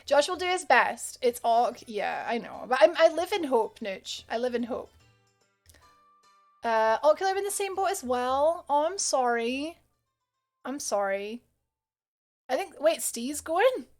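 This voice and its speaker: A young woman with a Scottish accent talks through a live game stream, reading chat aloud and laughing often. Her voice sits high, and she chatters on in a relaxed way. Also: measured pace, long pauses, soft background music.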